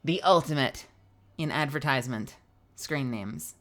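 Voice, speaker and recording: A woman's voice: mid-range voice, very animated, normal speed, fairly bright tone. A woman livestreamer chatting casually and playfully with her viewers, greeting people and joking around.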